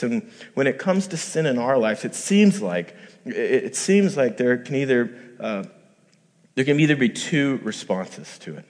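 A man's voice: mid-range voice, animated, normal speed. Man preaching in a reverberant hall. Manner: conversational, acts out quoted voices, builds to emphatic peaks. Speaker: pastor. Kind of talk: sermon.

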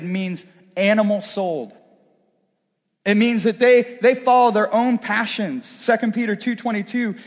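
A man preaching a sermon from a church stage, conversational and animated, acting out bits of dialogue. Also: high-pitched. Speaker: pastor. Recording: long hall reverb.

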